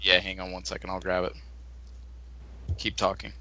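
Man with a sharp, very bright voice. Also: low-pitched, completely flat delivery, moderate pace, a little hiss or hum. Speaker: podcast co-host. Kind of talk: casual chat.

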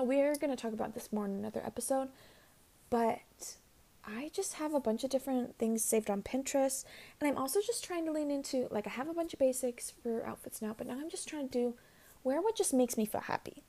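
A woman's voice: high-pitched, animated, brisk, mellow. A woman in her twenties hosting a casual solo podcast, chatty and rambling with lots of fillers. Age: 20s. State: out of breath. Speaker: podcast host.

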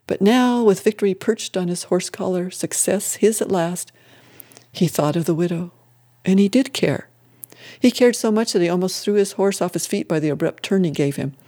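Give me a warm, mellow voice reading a story aloud. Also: medium pitch.

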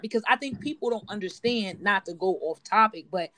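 A woman's voice: mid-range voice, fairly quick, crowd noise. A woman co-hosting a casual podcast chat, telling a personal story with lots of fillers and AAVE speech. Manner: storytelling, rambling with many fillers. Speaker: podcast co-host.

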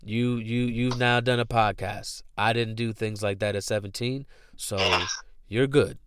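A man's voice: mid-range voice, fairly even intonation, unhurried, smooth, dry recording. A man hosting a casual podcast, laid-back and slangy, rambling with lots of restarts. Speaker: podcast host. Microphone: podcast microphone.

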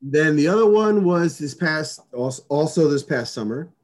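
A man's voice: a little high, animated, moderate pace, a little mellow. A man telling a long story in casual chat, rambling with many restarts, fillers and swear words.

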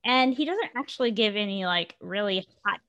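A woman's voice: medium pitch, expressive, moderate pace, a bit bright, highs cut off. A woman co-hosting a podcast, talking in a loose, conversational way. She often trails off and starts her sentence again. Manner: chatty, trailing off and restarting. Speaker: podcast co-host. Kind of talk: casual podcast chat.

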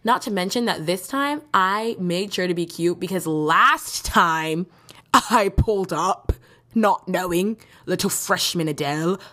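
A woman's voice: fairly low pitch, unhurried, fairly bright tone. A young woman hosting her own podcast, telling rambling stories in casual chat and laughing often. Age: young adult. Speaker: podcast host. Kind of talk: casual solo podcast storytelling.

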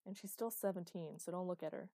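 A woman's voice: fairly low pitch, fairly even intonation, quick pace, mellow, dry recording, studio quality. A woman voicing a blunt, protective young man, dismissive toward his brother. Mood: dry.

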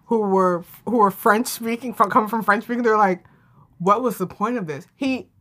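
Bright-voiced chatty woman. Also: mid-range voice, moderate pace. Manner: chatty, animated, laughs often. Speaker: podcast co-host. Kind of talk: casual chat.

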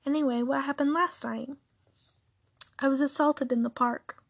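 A woman's voice: high-pitched, fairly even intonation, normal speed, creaky, no room sound. Woman reading as a sarcastic young supervillain. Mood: dry. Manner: dry, sarcastic, offhand.

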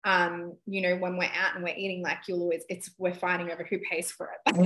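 A woman's voice: fairly low pitch, lively intonation, normal speed, a bit bright, poor audio. A woman in her thirties hosting a podcast, talking candidly and emotionally in casual chat, swearing freely. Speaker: podcast host.

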